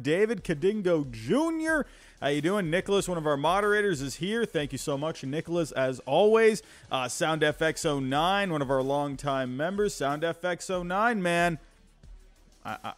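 A high-voiced man runs a live stream with bursting energy. He welcomes chat viewers one by one and stammers when he gets worked up. Faint music plays behind him. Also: no room sound. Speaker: livestream host.

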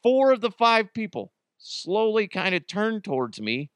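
Smooth and sitting high, this man's voice moves a little slowly as he hosts a casual solo podcast. He's an American in his thirties, animatedly telling stories and performing the quotes, with no echo on the recording.

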